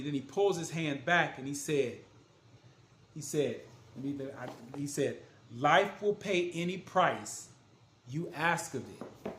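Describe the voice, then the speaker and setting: A man's voice: a little high, slight background noise. A man, an author and motivational speaker, telling his story in a casual, earnest and emphatic way. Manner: earnest and emphatic, retelling scenes with voiced quotes. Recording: echoey room.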